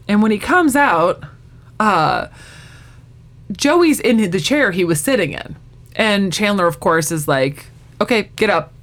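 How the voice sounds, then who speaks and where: A woman's voice: mid-range voice, slow, pauses often. A woman in casual chat, eagerly retelling a sitcom episode and acting out the characters' lines as she goes. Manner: animated storyteller who acts out the quotes.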